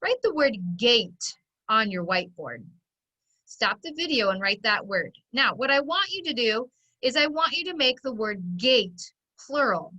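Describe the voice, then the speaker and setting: A woman teacher giving a phonics lesson to children on video, slowly sounding out letters and syllables. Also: a little high, very animated, sharp tone, dull audio.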